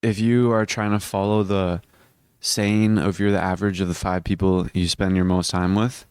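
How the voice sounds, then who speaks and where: A teen boy vlogs casually about bettering himself, hiccuping as he goes, in a deep, level voice that remains smooth and clear. His delivery is earnest and rambling at normal speed, with restarted sentences. The audio is close and dry, without echo or room sound.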